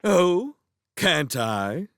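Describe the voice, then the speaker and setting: A man's voice: high voice, very animated, drawn-out words, gravelly, dry recording, clean studio sound, voice pushed up, full character voice. A man voicing an arrogant, scheming young prince who talks in a theatrical, menacing way.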